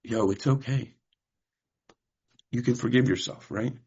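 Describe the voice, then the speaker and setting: A man's voice: medium pitch, a little slow, gravelly, a little mellow, slightly rough. A man from California giving a candid, profane personal share at a recovery meeting, telling stories with quoted dialogue. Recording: muffled lo-fi recording.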